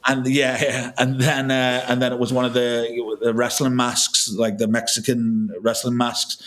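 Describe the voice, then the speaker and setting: A filmmaker guesting on a podcast tells a long, casual anecdote packed with swearing and restarts. His medium-pitched voice is fairly bright in tone, a little slow, and completely flat in delivery.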